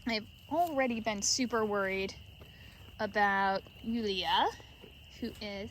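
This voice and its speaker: A woman's voice: mid-range voice, slow, a bit bright, slight background noise. A woman vlogging at night in her sheep pen, chatting to the camera and cooing fondly at her animals. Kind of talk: casual vlog narration.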